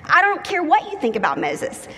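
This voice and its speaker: A woman preaching a sermon, telling the story in a lively, humorous way and acting out the people in it. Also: high-pitched, moderate pace. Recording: long hall reverb.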